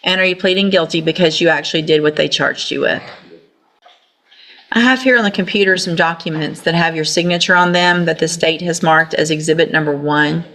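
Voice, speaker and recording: A woman's voice: deep voice, fairly quick, a bit bright. A woman judge, presiding in court and scolding a defendant in a stern, commanding way. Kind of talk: courtroom proceedings.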